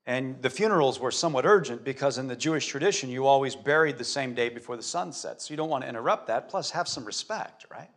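A male pastor preaching a sermon as animated storytelling, swinging between loud stretches and hushed ones. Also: medium pitch, quick pace, hardly any pauses.

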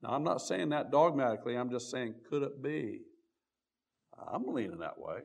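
A man preaching a sermon, reading old-style scripture aloud and stopping often to restart, his voice swelling on key words and then dropping low and quiet. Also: lively intonation, moderate pace, gravelly. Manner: reads scripture aloud in King James wording with frequent restarts.

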